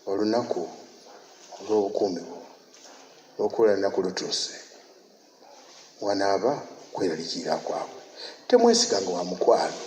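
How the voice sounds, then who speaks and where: A man from Uganda preaching a sermon as pastor, animated and emphatic, breaking into laughter and shouts. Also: low-pitched, fairly quick, long pauses. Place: church. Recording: echoey church hall, faint noise.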